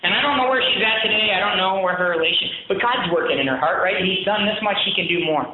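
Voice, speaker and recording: A man's voice: high-pitched, quick pace, noisy background. A man giving a sermon as a pastor, talking in an earnest, conversational way and often checking in with listeners. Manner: conversational, earnest, frequent "right?" asides. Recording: very echoey, thin phone-like sound.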